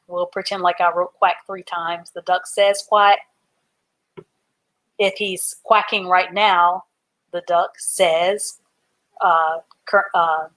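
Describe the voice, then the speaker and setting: Woman, reading teacher, live online class; unhurried, lower voice, spells words aloud. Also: a bit bright. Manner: slow, patient, spells words out letter by letter. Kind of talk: live online literacy lesson.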